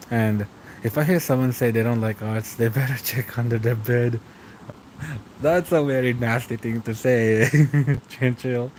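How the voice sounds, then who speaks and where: A man's voice: medium pitch, fairly even intonation, measured pace, darkish tone, a little hiss or hum, low-quality recording. A young man streaming late at night, reading out chat and answering in a rambling, casual way with frequent chuckles.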